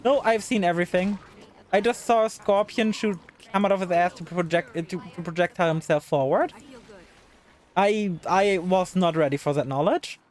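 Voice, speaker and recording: A woman's voice: fairly low pitch, moderate pace, a little mellow. A woman streaming live gameplay, talking to the game's characters in exasperation and swearing freely. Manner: exasperated, talks to the game characters.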